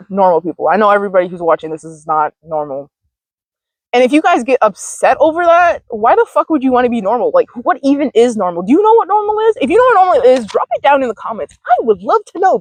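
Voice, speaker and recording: A woman's voice: medium pitch, no echo. Laid-back woman vlogging outside, rambly and giggly, cusses a bit, mid voice, dry sound. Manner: chatty, laughs often, swears casually. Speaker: mindfulness vlog host. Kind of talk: casual vlog chat. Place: outdoors, sitting on dirt.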